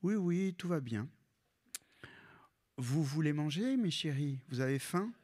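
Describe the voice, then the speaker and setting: A woman's voice: sits low, lively intonation, unhurried, warm tone, breathy edge, voice pushed up, full character voice. A man voicing a doting, fussy old grandmother who showers her grandchildren with endearments. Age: older. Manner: effusive, cooing endearments.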